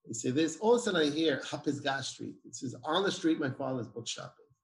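A man's voice: a little high, animated, fairly quick, vocal fry. A man, a guest telling a personal story emphatically and acting out the dialogue. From Israel. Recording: roomy echo.

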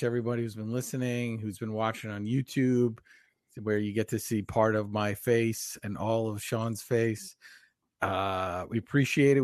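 A man co-hosting a casual podcast chat, talking quickly with fillers and easy laughs. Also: medium pitch, no room sound, studio quality. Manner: chatty, talks fast with laughs and fillers. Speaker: podcast co-host.

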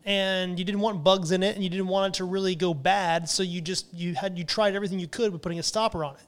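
A man's voice: high voice, steady tone, quick pace. A man hosting a podcast lesson on wine, talking in an enthusiastic, chatty way. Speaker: podcast host and wine educator. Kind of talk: casual explanatory podcast lesson.

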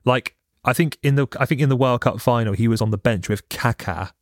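A young Englishman co-hosts a football chat, tossing in dry, wry remarks. His voice is pitched in the middle. It is recorded close and dry. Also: a little fast, no echo. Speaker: podcast co-host. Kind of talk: casual football podcast chat.

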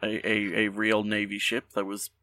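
Podcast co-host, man, low bright voice, filler-heavy rambling, a bit off-mic. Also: monotone, normal speed, no echo, recorded from a distance. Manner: rambling, many fillers and restarts. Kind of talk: casual chat.

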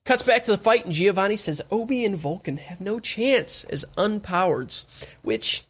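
A man's voice: high voice, animated, moderate pace, fairly bright tone, husky. A man hosting a casual podcast, recapping episodes with crude, laid-back jokes.

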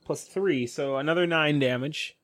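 A man playing in a tabletop game, reading out his dice math in animated banter. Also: on the high side, normal speed, noisy background. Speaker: player.

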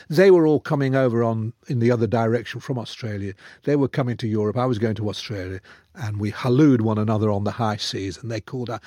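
A man's voice: medium pitch, no echo. Older male author, theatrical raconteur, close studio mic, very dry. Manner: animated, theatrical storyteller. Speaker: author guest. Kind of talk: conversational storytelling. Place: radio studio.

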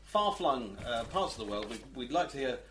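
A man's voice: medium pitch, big pitch swings, moderate pace, fairly bright tone, slight background noise. A middle-aged man, co-hosting a podcast and telling stories in a rambling, hesitant way. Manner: rambling, hesitant storytelling with restarts. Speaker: podcast co-host. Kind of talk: casual podcast chat.

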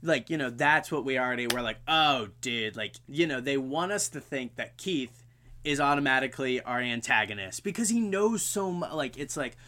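A man co-hosting a casual movie discussion, talking in an animated way and acting out characters' lines as he recaps scenes. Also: medium pitch, a little fast. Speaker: podcast co-host.

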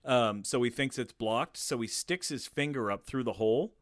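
A man in casual chat, retelling a comedy film scene by scene with loose swearing and little acted-out bits. His pitch sits at a middling level for a man. The sound is dry and close, with no room around it. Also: moderate pace, dry recording. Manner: animated storytelling, swears freely, acts out scenes. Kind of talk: casual movie recap chat.

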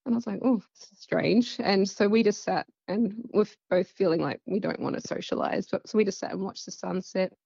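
A woman's voice: mid-range voice, brisk, vocal fry, dark tone, slightly rough, dry recording, muffled recording. A woman with an Australian accent, telling a personal story in a casual, rambling way full of fillers. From central west Queensland, Australia. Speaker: guest.

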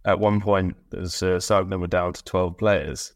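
A man with a gravelly voice chatting casually on a podcast, cutting in with quick teasing remarks. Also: deep voice, little pitch movement, no room sound, studio quality. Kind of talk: casual chat.

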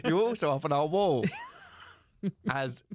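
A man's voice: a little high, expressive, unhurried, a little mellow, no room sound. Man telling a comic story, dry sound. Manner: comic anecdote-telling, acts out both sides of calls. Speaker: podcast co-host. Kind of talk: casual storytelling chat.

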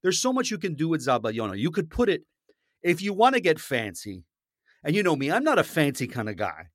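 A man co-hosting a casual food podcast, talking in an animated, blunt way and swearing casually. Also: on the high side, a little fast, no echo, studio quality. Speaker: podcast co-host.

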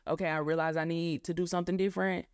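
A young woman, a guest on a faith podcast, speaking reflectively and often pausing to find her words. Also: fairly low pitch, little pitch movement, clean tone, dry recording, clean studio sound. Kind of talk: casual faith podcast chat.

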